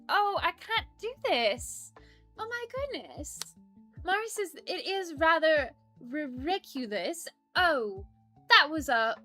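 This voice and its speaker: Woman putting on a prim polite lady, high and sharp, reads chat on a game stream, soft music behind. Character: prim, polite woman persona named Mildred. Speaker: stream co-host reading chat. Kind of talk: casual live-stream chat.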